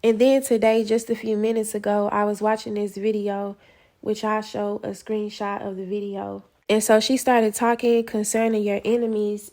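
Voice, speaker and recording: A woman telling a personal faith testimony in a casual vlog, acting out her own prayers as she goes. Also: medium pitch. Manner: animated storytelling, acts out her own quoted prayers. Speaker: faith vlogger.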